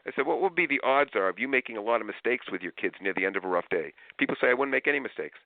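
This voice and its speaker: A man talking as an interview guest about parenting, telling stories in an animated way and acting out parents and kids in raised voices. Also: mid-range voice, rapid-fire, gravelly, no echo. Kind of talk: lively interview storytelling. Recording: tinny phone-like line.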